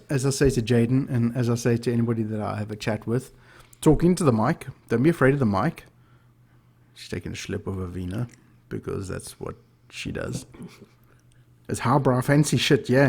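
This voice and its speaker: Laughing, husky-voiced male podcast host. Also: mid-range voice, a little mellow. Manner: joking, swearing, laughing often. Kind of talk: casual tipsy chat.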